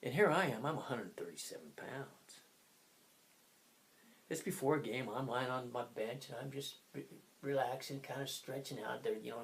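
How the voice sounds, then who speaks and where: A man in his sixties from Southern California gives a casual motivational talk as a speaker and coach. He rambles off on tangents and swings between loud bursts and hushed asides. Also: mid-range voice, gravelly, slight background noise. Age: 60s.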